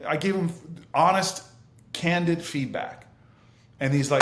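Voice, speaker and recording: Animated male senator telling stories, roomy sound. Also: fairly high pitch, unhurried, a little hiss or hum. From United States. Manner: lively, laughing, vivid scene-setting. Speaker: senator, interview guest. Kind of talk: animated anecdotal storytelling.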